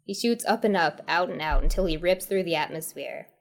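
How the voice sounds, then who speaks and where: A woman's voice: lowish voice, a little fast. A woman hosting and reading a choose-your-path horror comedy tale aloud, who often breaks into giggles as she reads. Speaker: storyteller host.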